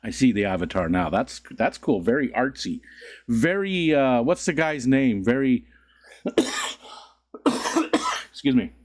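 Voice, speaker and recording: A man's voice: lively intonation, unhurried, pauses often. A man hosting a casual livestream, just woken up, chatting with viewers and greeting them by name. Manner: rambling, greets chat, sudden squeaky voice cracks and laughs. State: just woke up. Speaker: livestream host.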